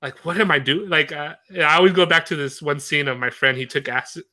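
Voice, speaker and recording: A young man chatting casually, rambling through his thoughts with many fillers and frequent laughs. His voice sits a little high for a man and sounds bright and forceful. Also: brisk. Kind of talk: casual chat.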